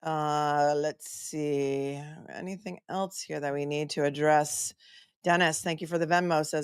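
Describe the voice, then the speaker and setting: A woman's voice: deep voice, steady tone, measured pace, clear, resonant tone, no echo, studio quality. Chatty woman lawyer on a livestream. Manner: chatty and playful, reads out viewer messages. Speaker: attorney commentator hosting a livestream. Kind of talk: casual live-stream commentary.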